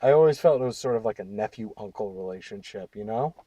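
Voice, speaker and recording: A man's voice: lowish voice, lively intonation, fast, mellow, husky, dry recording. A man in a casual group movie review, giving earnest opinions.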